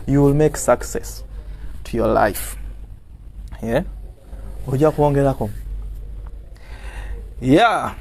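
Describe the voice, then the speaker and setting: A man with a Ugandan accent delivers an encouraging sermon in a mellow, warm voice at an ordinary pitch. He moves between Luganda and English and repeats phrases for emphasis. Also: lively intonation, slow, pauses often. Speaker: preacher. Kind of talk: motivational sermon.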